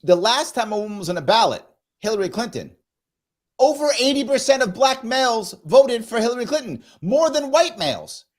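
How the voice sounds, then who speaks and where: Man hosting a panel, emphatic, lively swinging pitch. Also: brisk. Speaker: host. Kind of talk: live panel discussion.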